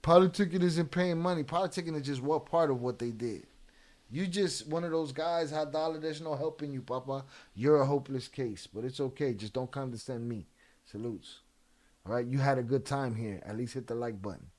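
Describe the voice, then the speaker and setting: A man hosting a casual livestream, reading chat shout-outs in slangy, profane talk and flaring into heated rants. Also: medium pitch, a little fast. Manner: flares up into heated, cursing rants. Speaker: livestream host.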